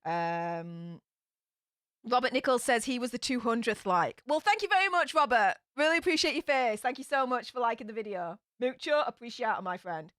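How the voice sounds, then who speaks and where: A woman's voice: fairly high pitch, animated, moderate pace, fairly bright tone, dry recording, studio quality. A woman with a Yorkshire accent hosting a livestream, chatting casually and reading viewer comments aloud in an upbeat, chatty way. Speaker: livestream host.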